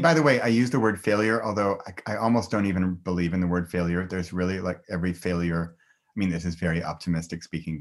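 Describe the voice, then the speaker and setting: A middle-aged man talking as a guest on a podcast in a casual, enthusiastic way, laughing often. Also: low-pitched. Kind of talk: casual conversation.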